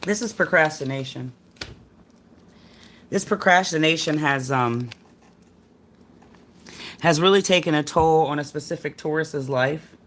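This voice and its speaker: A woman's voice: sits low, measured pace, pauses often, a bit bright. A middle-aged woman giving a casual tarot reading on a livestream, talking in a rambling, slangy, chatty way to her viewers. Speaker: tarot card reader.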